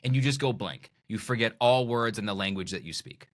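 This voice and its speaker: A middle-aged man, a magician and speaker, talking as a podcast guest in a playful, animated way that acts out little scenes of dialogue. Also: on the low side, brisk. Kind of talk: animated conversational interview.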